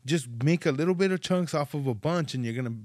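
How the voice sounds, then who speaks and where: A male podcast host, spinning profane, animated stories in casual chat. His voice sits a little high for a man, and the sound is close and dry, with no room around it. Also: fast, no echo. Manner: profane, animated storyteller acting out dialogue.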